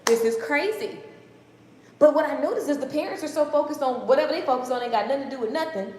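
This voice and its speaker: A high-voiced woman rants excitedly on a motivational live stream, talking fast and slangy and hammering her points home by repeating them. She is recorded on a phone in her home kitchen, where the hard room gives her voice a long, echoey ring. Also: slight background noise. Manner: excited fast ranting, talks too fast; casual slangy and emphatic, repeats phrases. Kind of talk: energetic motivational talk.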